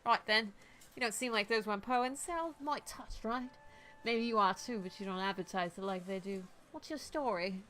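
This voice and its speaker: A woman's voice: medium pitch, moderate pace, fairly bright tone, faint music behind, close to an everyday voice. A woman voicing a tough, brash female mercenary with a shotgun, putting on a swaggering, blunt accent. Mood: breezy.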